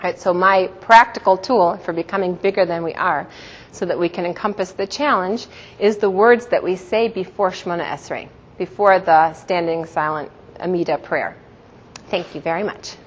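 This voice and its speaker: A middle-aged woman giving a religious teaching talk to a group, telling stories warmly and laughing often. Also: on the low side, normal speed, slightly rough. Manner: warm, storytelling, laughs often. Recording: dull sound in a reverberant hall.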